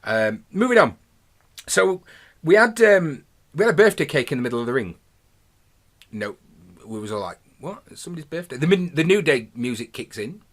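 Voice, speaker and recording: A man's voice: mid-range voice, very animated, moderate pace, pauses often. A man in his thirties hosting his own podcast, talking through a review in a chatty, rambling, enthusiastic way. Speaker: podcast host. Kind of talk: casual solo review monologue.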